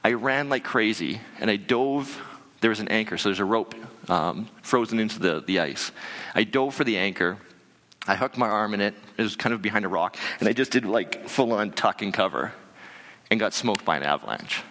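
A man telling a personal story to an audience, animated and conversational, with many fillers and restarts. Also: lowish voice, normal speed, in a large hall. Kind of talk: live storytelling talk.

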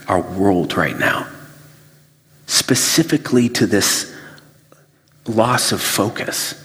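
Preacher man in a big reverberant hall. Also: fairly low pitch. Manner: animated storytelling, acts out his own flustered inner voice. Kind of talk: sermon. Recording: long reverb of a large hall.

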